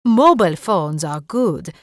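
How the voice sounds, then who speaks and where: A woman's voice: lowish voice, lively intonation, a little slow, dry recording, studio quality. A woman voicing a friendly, cheerful female neighbor with a French accent. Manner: cheerful and gay.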